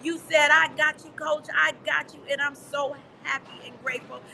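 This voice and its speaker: Woman coach, high and bright, excited, on a call from a busy lobby with faint noise. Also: normal speed, vocal fry, low-quality recording. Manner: fired-up, emotional, calls out to the audience. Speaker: guest speaker coach. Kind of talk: excited motivational call talk. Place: hotel lobby at a busy event. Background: crowd and announcements at an event.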